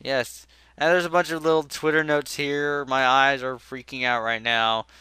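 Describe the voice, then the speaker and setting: A young man hosts a podcast in a bright, smooth voice, joking and sarcastic as he reads down a list. The sound is dry and close, with no room echo. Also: mid-range voice, level tone, moderate pace. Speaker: podcast host. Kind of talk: casual comedic podcast chat.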